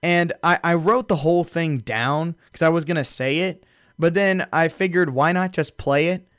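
A man hosting a casual podcast, recapping a wrestling show with amused storytelling and lots of fillers. His voice sits a little high for a man and sounds dry and close to the mic. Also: moderate pace, a bit bright, clean tone, no room sound. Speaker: podcast host.

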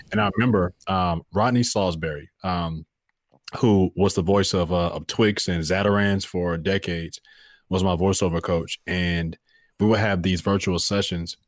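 Deep-voiced earnest man in his thirties. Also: steady tone, a little slow, no echo, clean studio sound. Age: 30s. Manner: reflective, earnest, with many fillers and restarts. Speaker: voiceover artist and podcast guest. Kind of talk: casual podcast conversation.

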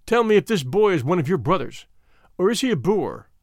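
A man voicing a suspicious, capricious male king who speaks slowly and doubtfully in a story reading. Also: high voice, big pitch swings, no echo, clean studio sound, exaggerated voice. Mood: questioning. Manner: slow, doubtful, commanding.

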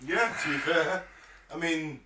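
Teasing man, slightly high voice. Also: measured pace, sharp tone, a little hiss or hum. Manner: teasing, laughing, chatty. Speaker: podcast co-host. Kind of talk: casual comedy banter. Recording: roomy echo, slightly off-mic.

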